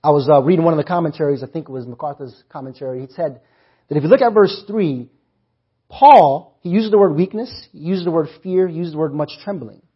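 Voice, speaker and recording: Husky high-voiced man preaching. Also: animated, brisk, muffled recording. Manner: asks the congregation to answer back. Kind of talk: sermon.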